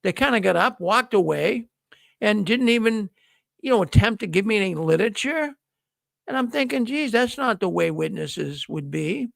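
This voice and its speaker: Gravelly folksy man, high voice. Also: no room sound. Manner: folksy storytelling, acts out quoted dialogue. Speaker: host of a news livestream. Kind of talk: casual monologue to viewers.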